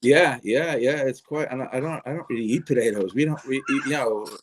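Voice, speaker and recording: A man's voice: mid-range voice, fairly quick, background noise. A man with an Irish accent, a guest hypnotist chatting on a podcast, rambling through anecdotes with restarts and chuckles. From Ireland. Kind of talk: casual podcast chat.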